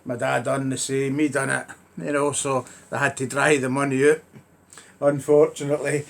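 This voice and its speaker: A man's voice: mid-range voice, flat delivery, normal speed, vocal fry. A man telling sweary comic stories to his own camera at home, acting out the voices of the people in them. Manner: storytelling, sweary, acts out voices in quotes. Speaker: comedian. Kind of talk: stand-up monologue to camera.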